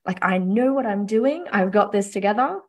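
A woman hosting a mentoring podcast, reflecting and affirming her guest in relaxed, chatty conversation. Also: medium pitch, moderate pace. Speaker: podcast host. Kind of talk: conversational interview.

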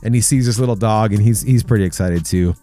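A man's voice: lowish voice, quick pace, warm tone, soft background music. A man hosting a casual Christian men's talk, telling stories in an earnest, chatty way. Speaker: host.

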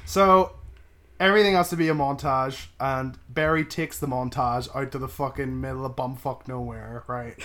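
A male podcast co-host goes over a movie in loose, swear-filled review talk, punctuating remarks with "right?". He has a medium pitch, a fairly bright tone, fairly even intonation, and a moderate pace.

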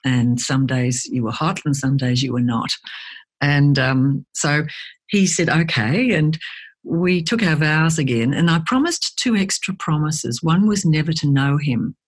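A woman, a guest speaker chatting in an interview and telling lively stories, acting out the voices of people she quotes. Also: low voice, unhurried, husky. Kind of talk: conversational interview.

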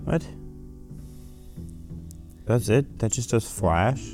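A man's voice: lowish voice, expressive, drawn-out words, a little mellow, faint music behind. A young man co-hosting a podcast, teasing his partner in casual banter and laughing often. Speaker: podcast co-host.

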